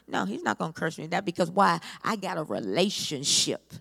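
A woman preacher delivering an impassioned sermon, building repeated phrases up toward shouting. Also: fairly low pitch, very animated, normal speed, creaky, husky.

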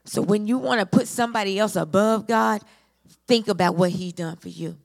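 Fervent woman preacher, raspy gravel, mid pitch, builds phrases to a shout. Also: normal speed. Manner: impassioned, repetitive cadences that build to shouting. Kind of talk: sermon.

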